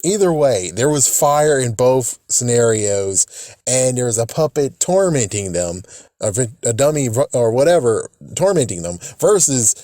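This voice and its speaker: A man's voice: medium pitch, expressive, normal speed, mellow, no room sound, studio quality. A man giving casual commentary as a video host, rambling and correcting himself.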